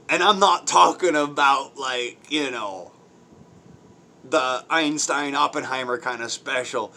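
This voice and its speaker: A man's voice: medium pitch, takes it slowly, bright, forceful tone. A man ranting on his own channel in blunt, crude, mocking commentary, swearing heavily, using folksy slang and laughing between points. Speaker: vlogger.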